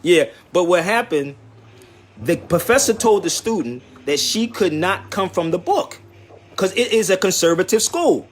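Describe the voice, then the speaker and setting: Brief: man, high and very lively voice, insistent street debater, faint noise behind. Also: measured pace. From Philadelphia, USA. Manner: animated, insistent, repeats "listen" and "bro". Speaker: traveling commentator and radio host.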